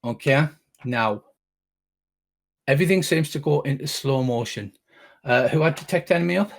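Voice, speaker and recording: A man's voice: a little high, normal speed, gravelly. A middle-aged man narrating as game master, rambling with frequent restarts and casual swearing.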